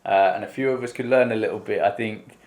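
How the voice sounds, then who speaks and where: A man's voice: fairly low pitch, fast, a little mellow. A man from the UK talking casually and enthusiastically as he reacts to a song and goes through its lyrics, with lots of fillers. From United Kingdom. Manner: enthusiastic, rambling, many fillers. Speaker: music reaction host.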